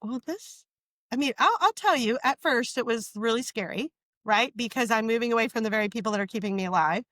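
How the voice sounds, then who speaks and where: A woman's voice: fairly high pitch, quick pace, a bit bright, no room sound. A woman speaking as an interview guest, telling her story in an earnest, emphatic way and often checking in with "right?".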